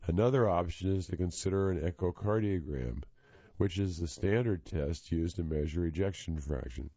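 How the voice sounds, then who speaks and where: Hoarse deep-voiced man reading aloud. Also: normal speed, no room sound. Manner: plain, steady reading with occasional fillers. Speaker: reading service volunteer reader. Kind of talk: reading articles aloud for radio. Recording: dull, lo-fi sound.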